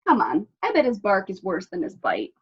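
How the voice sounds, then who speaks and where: Brief: woman reading as a tough little storybook dog, gruff and determined, muffled sound. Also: mid-range voice, huge pitch swings, moderate pace. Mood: plucky. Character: plucky female dog, grumpy and tough. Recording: dull lo-fi recording.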